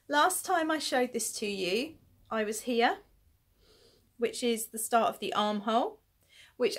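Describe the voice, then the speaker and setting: A woman chatting casually about her knitting projects late at night, tired and yawning, rambling and poking fun at herself as she shows her work. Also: on the high side. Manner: chatty and rambling, self-deprecating, giggly. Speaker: knitting podcast host. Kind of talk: casual chat showing knitting to camera.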